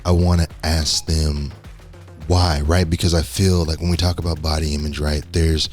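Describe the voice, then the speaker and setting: Low-voiced guy cohosting a podcast, blunt jokey slangy talk, light music in back. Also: flat delivery, moderate pace. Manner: joking, frank, slangy. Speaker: podcast co-host. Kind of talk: casual chat.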